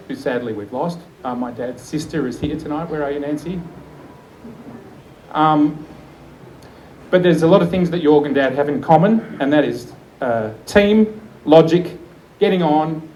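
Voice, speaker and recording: A man's voice: on the high side, dark tone, low-quality recording. A man in his forties, a photographer, giving a chatty, enthusiastic live speech at a book launch and often laughing. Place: event room with an audience.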